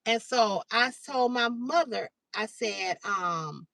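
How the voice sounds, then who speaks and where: A middle-aged woman is telling a story to her livestream viewers, with a bright, high voice. She swears freely and jumps up higher whenever she acts out the quoted lines. The sound is dry and picked up from slightly away from the mic. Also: animated, slow, creaky, dry recording, distant mic, rough recording. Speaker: livestream host. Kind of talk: casual storytelling to live chat.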